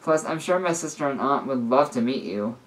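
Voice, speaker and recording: A man voicing an excitable, playful young man who talks loudly and gleefully. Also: medium pitch, fairly quick, natural voice, poor audio. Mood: eager. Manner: loud, bouncy and gleeful.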